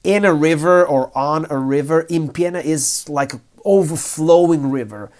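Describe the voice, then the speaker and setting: Man teaching lyrics slowly. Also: fairly high pitch, a little mellow. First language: Italian. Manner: slow, thinking aloud, switching between Italian and English. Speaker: Italian language teacher. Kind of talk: lyrics translation lesson.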